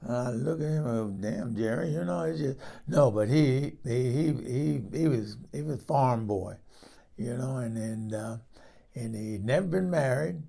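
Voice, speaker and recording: A man doing a 78-year-old woman with a gravelly, fry-laden voice at a middling pitch. She rambles through her memories in a folksy, salty way, stumbling over restarts and tossing out sassy asides. It is a comic character monologue. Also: unhurried, mellow. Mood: fond, rambling. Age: 78 (figure).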